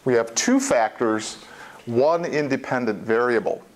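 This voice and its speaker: A man's voice: mid-range voice, expressive, measured pace. Man, statistics instructor, classroom lecture, plain explanations, repeats key points.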